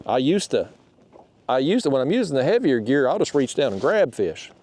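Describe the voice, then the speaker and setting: A man's voice: medium pitch, very animated, fairly quick, darkish tone, a little hiss or hum. A man talking casually to his audience while fishing from a kayak on a river, full of folksy exclamations. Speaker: fishing vlogger.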